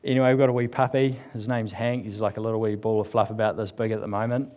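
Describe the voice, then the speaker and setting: A man's voice: on the low side, flat delivery, fast talker, darkish tone. Chatty, joking New man preaching. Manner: chatty and joking, with frequent fillers. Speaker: church speaker. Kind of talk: casual humorous sermon. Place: church service with live congregation.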